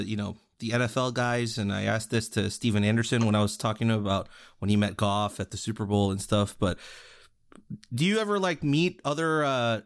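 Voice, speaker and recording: A man's voice: medium pitch, no echo. A young man hosting a podcast, asking questions in a casual interview, enthusiastic and full of "like"s. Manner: enthusiastic, filler-heavy with many "like"s. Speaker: podcast host.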